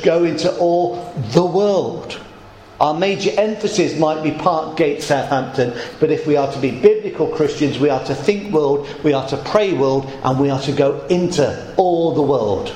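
Emphatic pastor, echoey hall. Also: male voice, fairly high pitch, darkish tone, a little hiss or hum. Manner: emphatic, slow for effect, rhetorical questions. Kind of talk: sermon. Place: church hall.

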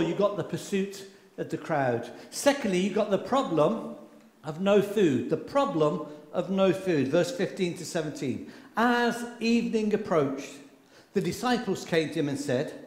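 A man preaching a sermon with passion, swinging from loud outbursts to hushed lines, recorded in a church. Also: high-pitched, animated, unhurried. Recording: echoey hall with long reverb.

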